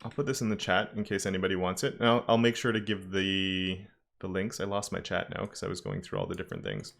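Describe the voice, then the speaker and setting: A man's voice: low voice, expressive, fast, creaky, fairly bright tone. A man teaching a live-streamed coding lesson, talking casually and thinking aloud with frequent self-corrections. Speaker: web development instructor.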